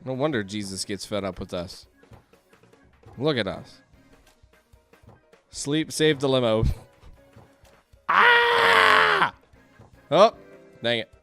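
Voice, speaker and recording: A man giving excitable let's-play commentary, yelping and laughing as things go wrong on screen. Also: medium pitch, unhurried, pauses often, faint music behind. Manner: excitable, yelps and laughs at chaos. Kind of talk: game commentary.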